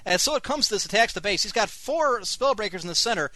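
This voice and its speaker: A man's voice: sits high, expressive, fast talker, pushed and bright, no echo. Wry man casting a strategy game. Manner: wry, sarcastic asides. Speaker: host and game caster. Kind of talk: live strategy-game commentary on an online radio show.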